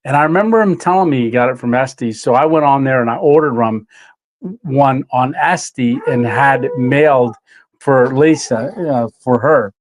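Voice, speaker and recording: A man hosting a live stream, reading viewer comments in a relaxed, emotional way with many pauses and fillers. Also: medium pitch. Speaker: channel host.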